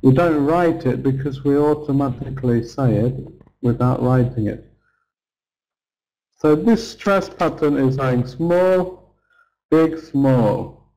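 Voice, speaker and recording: A middle-aged man leads an online English pronunciation lesson. He speaks very slowly and patiently, drawing words out to model each sound. His voice sits at an ordinary, middle pitch. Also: mellow, low-quality recording. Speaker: English teacher.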